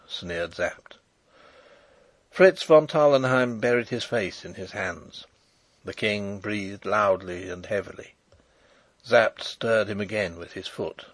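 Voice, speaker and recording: A man narrating an audiobook chapter in expressive storytelling style. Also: low voice, slow, breathy edge, dry recording. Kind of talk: scripted narration.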